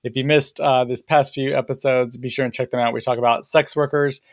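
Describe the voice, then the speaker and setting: A man's voice: mid-range voice, fairly even intonation, a little fast, no echo. A man with a Southern US country accent, co-hosting a casual live-stream chat in an easygoing way. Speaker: podcast co-host.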